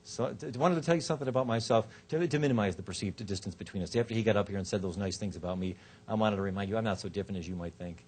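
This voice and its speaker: A man giving a law school lecture on rhetoric, joking and shifting his pitch and loudness often. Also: rapid-fire, husky. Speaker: law professor. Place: lecture hall.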